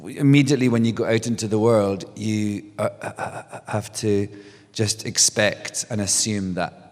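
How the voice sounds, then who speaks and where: A middle-aged man talks loosely and animatedly on stage, starting over and laughing as he goes. His voice sits a little low. The sound carries a long hall reverb. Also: normal speed. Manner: animated storyteller, restarts, laughs often. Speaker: guest author. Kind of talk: casual onstage conversation. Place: stage before a live audience.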